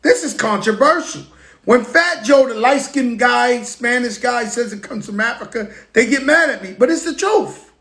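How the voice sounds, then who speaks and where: A man from the Bronx with a New York accent, talking in an emphatic, animated way as he tells stories on a casual live stream. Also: very high-pitched, moderate pace, echoey room. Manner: emphatic, animated storytelling with call-outs to viewers. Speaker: rapper speaking on a live stream. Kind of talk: casual motivational monologue.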